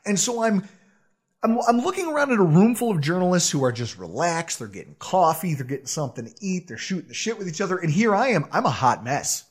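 A man co-hosting a podcast, telling a self-deprecating story in a casual, animated way with frequent laughs. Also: high-pitched, moderate pace, slightly rough. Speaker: podcast co-host.

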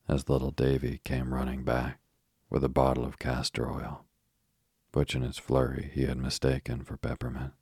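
A man reading a children's story aloud as a bedtime narration, slow, soft and steady, with a husky voice. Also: very deep voice, dry recording, studio quality.

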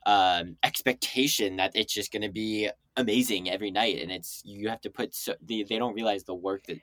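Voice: low-pitched, a little fast, fairly bright tone, no echo. Enthusiastic interviewer on a dry mic. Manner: enthusiastic, gushing reactions. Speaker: interview host. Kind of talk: casual interview chat.

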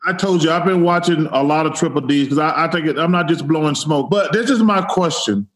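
A man's voice: fairly high pitch, brisk. A man co-hosting a chat show, asking blunt, teasing questions. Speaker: co-host. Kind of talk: casual chat. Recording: roomy echo.

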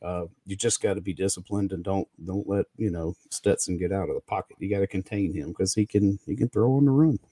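A man's voice: low-pitched, a little fast, hardly any pauses, mellow, husky, no echo, studio quality. A man co-hosting a casual sports talk show, giving laid-back football analysis. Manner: laid-back, chuckles often.

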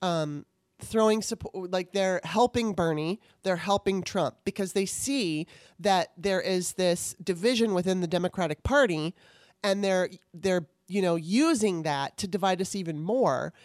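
A woman's voice: fairly low pitch, measured pace, darkish tone, dry recording, studio quality. A woman co-hosting a podcast over a remote call, ranting heatedly and swearing often in casual political chat. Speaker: podcast co-host.

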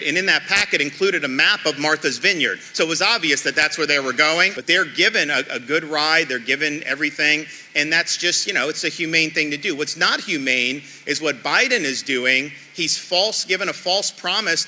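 A man's voice: fairly high pitch, moderate pace, few pauses, bright, forceful tone, in a large hall, low-quality recording. A man giving blunt, defiant press remarks, restarting mid-phrase as he pushes his point. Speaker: governor.

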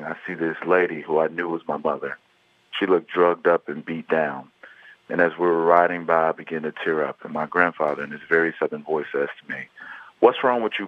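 Deep-voiced man on a tinny phone line. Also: no room sound. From Chicago, USA. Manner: earnest, steady storytelling. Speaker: author and guest. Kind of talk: telling his life story in an interview.

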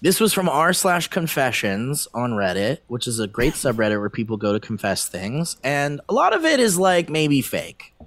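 A man co-hosting a casual comedy podcast, who laughs often and reads an online post aloud in an animated way. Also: moderate pace, few pauses, no echo. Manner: animated, laughs often, pitch swings widely. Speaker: podcast co-host.

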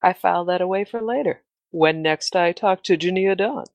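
A woman's voice: fairly low pitch, moderate pace, vocal fry, dry recording, highs cut off. A woman playing a tabletop game, playful and teasing. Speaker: player.

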